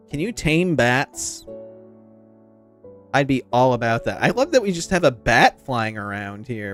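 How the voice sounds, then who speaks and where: A man's voice: mid-range voice, sing-song, measured pace, fairly bright tone. A man with a nasal voice and a slight lisp, chatting casually and rambling to his viewers while streaming a game. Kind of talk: casual live-stream chat while gaming. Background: faint background music.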